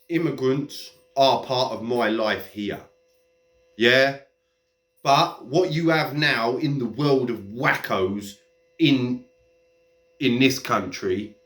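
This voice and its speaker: A man's voice: mid-range voice, a bit bright. A man delivering a heated, profane, mocking rant straight to camera. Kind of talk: ranting monologue. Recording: echoey room.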